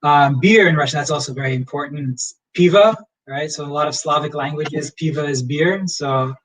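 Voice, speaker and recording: Man, young adult, professor, casual online lecture, slightly high voice, picked up from a distance. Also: brisk. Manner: relaxed, rambling with many fillers. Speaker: history professor teaching phrases.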